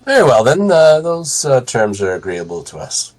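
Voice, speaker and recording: A man playing a character in a tabletop role-playing game, speaking in a halting, polite manner. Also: medium pitch, very animated. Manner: halting, polite, stumbling over words. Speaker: player.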